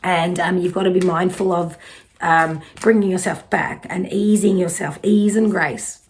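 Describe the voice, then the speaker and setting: A woman's voice: on the low side, fairly even intonation, unhurried. A middle-aged woman with an Australian accent, giving a casual, reassuring psychic card reading and swearing now and then.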